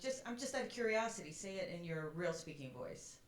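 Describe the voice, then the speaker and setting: A woman's voice: fairly low pitch, expressive, fairly quick. A woman coaching in a master class, enthusiastic and asking the student questions. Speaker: guest master-class teacher. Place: college teaching hall. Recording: roomy hall.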